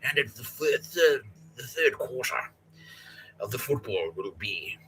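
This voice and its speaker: A cryptic male drive-through worker who talks slowly and knowingly, as if passing on secret intelligence, put on by a man. The voice is pitched a little high, bright and drawn out. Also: very animated, slight background noise, poor audio. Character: cryptic male fast-food worker decoding hidden messages.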